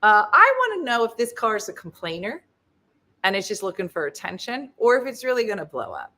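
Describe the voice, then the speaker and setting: A woman tells a comic story to her audience, her voice bright and forward. Her pitch leaps around as she acts out each part. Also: brisk. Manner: animated, acts out quoted voices. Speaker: host.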